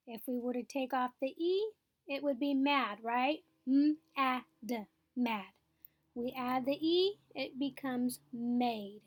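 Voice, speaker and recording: A woman's voice: on the high side, no room sound, clean studio sound. A woman teaching a phonics lesson, explaining patiently step by step and checking in with her students.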